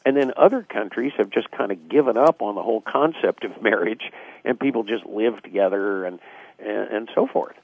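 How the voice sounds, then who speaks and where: Gravelly man on a phone line. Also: fairly low pitch, normal speed, no room sound. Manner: reflective, acts out quoted dialogue, frequent fillers. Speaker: guest author. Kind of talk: casual radio interview explanation.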